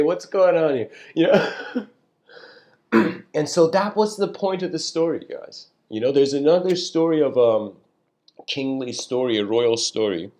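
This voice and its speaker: A man giving a casual spiritual lecture, telling a story in a loose, rambling way and often clearing his throat. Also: medium pitch, darkish tone.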